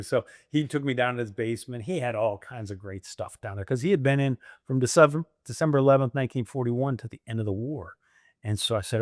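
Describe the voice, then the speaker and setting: A man's voice: medium pitch, fast, dry recording, clean studio sound. A middle-aged man, a franchise owner, telling stories in casual conversation, laughing often and acting out the voices of the people he quotes. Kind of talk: conversational storytelling.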